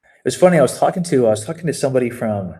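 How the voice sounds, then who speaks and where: A man's voice: mid-range voice, expressive, racing, dark tone. A man, a fitness coach, giving a casual walkthrough, often repeating words and restarting his phrases.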